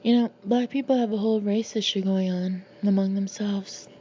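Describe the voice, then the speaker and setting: A blunt old dad who orders everyone around and never notices how he comes across, read by a woman. He speaks in a warm, low-key tone, gruff and matter-of-fact. The recording is slightly muffled, with faint hiss behind it. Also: fairly even intonation, normal speed, close to an everyday voice. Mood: chatty. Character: blunt old father, bossy and oblivious.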